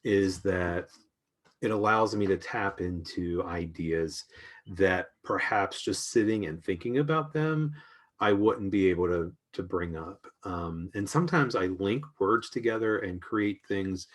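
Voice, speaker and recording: A man with a very low, deep voice talks his way through an art journaling demonstration. He speaks casually and reflectively, pausing with ums and restarting his sentences as he works at his desk.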